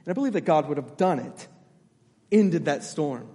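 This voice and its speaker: A man's voice: on the high side, expressive, normal speed, mellow, long reverb tail. A man pastor delivering a sermon, emphatic, repeating his key phrases and checking in with the congregation.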